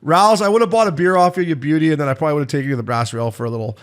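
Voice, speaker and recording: Fast, rowdy hockey podcast co-host, a man from Canada with a slightly high voice. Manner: fast, profane, joking banter. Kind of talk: casual sports chat.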